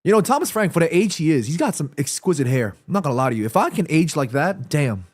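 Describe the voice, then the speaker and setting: A fairly high-voiced man with a stuffy nose hosts a live football watchalong, calling the action and answering his chat. His voice is recorded close and dry, with no room sound around it. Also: fast, no room sound. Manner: excitable, reads chat aloud and answers viewers. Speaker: watchalong streamer.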